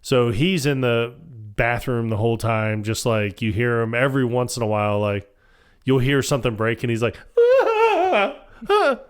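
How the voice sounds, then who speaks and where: A man's voice: medium pitch, moderate pace, smooth. A man co-hosting a podcast, retelling movie scenes in casual chat and acting out the characters' lines with bursts of laughter. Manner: animated retelling, acts out film quotes with laughs. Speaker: podcast co-host. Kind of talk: casual chat recapping a film.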